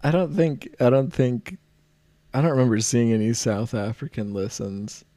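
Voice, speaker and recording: A man's voice: medium pitch, animated, moderate pace, dark tone, dry recording. A man from the United States co-hosting a podcast, chatting casually with dry, laid-back banter. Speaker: podcast co-host. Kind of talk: casual chat.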